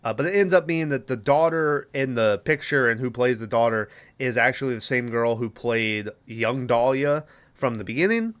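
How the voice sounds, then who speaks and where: A man's voice: medium pitch, moderate pace, a bit bright, clear, resonant tone. A man hosting a podcast, casually and profanely rambling through a movie plot with lots of fillers. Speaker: podcast host.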